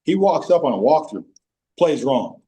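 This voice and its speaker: At a normal speed, this former pro footballer shares locker-room stories on a podcast. He's lively, breaking into high-pitched imitations of his teammates in a relaxed storytelling interview.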